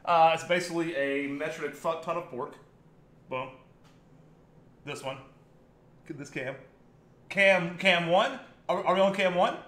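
A man with an American accent and a bright, forceful, slightly high voice chats loosely while he cooks, cracking jokes and cursing. The sound bounces around a roomy home kitchen with a faint hum of ambience behind him. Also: measured pace, long pauses. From United States. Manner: joking, rambling, swears freely. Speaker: cooking stream host. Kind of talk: casual live-stream chat while cooking.

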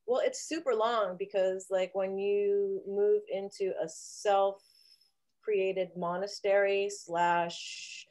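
A woman's voice: medium pitch, steady tone, takes it slowly, a little mellow. A woman guest on a video call, talking casually in a rambling, jokey, theatrical way. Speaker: interview guest.

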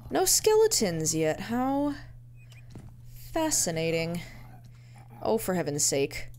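A woman's voice: fairly low pitch, wildly swooping pitch, slow, darkish tone, a little hiss or hum. A woman giving casual gameplay commentary, muttering to herself in a playful, easily amused way. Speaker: let's-play gamer.

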